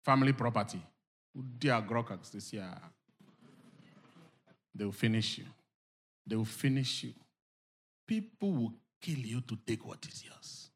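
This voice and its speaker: A man preaching a sermon to a congregation, dropping to low murmurs and rising to loud shouted exhortations, acting out quoted inner voices. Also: animated, unhurried, pauses often, slightly rough.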